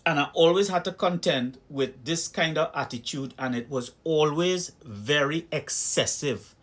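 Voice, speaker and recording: A man's voice: a little high, unhurried, fairly bright tone. A man with a Trinidadian accent telling personal stories in an opinion vlog, speaking emphatically and acting out heated exchanges. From Trinidad and Tobago. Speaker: video commentator.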